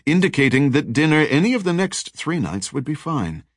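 A man's voice: on the high side, very animated, moderate pace, no room sound. A man reading an audiobook in a wry, dry storytelling manner. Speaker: audiobook narrator. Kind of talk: scripted narration.

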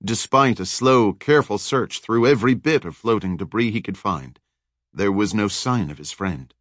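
A man narrating a thriller audiobook in a measured, dramatic storytelling manner. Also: on the low side, expressive, a bit bright, no room sound, studio quality.

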